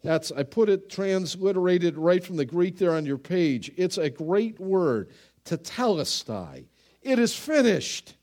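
A man preaching a sermon. He speaks slowly and dramatically and breaks into sudden loud exclamations. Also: sits high, expressive. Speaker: pastor.

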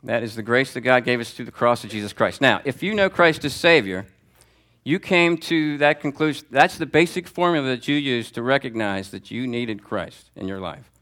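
Bright-voiced man teaching a Sunday class. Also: moderate pace. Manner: conversational, calls on students by name; lively, pitch swings for emphasis. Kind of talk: teaching sermon. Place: church classroom before a group.

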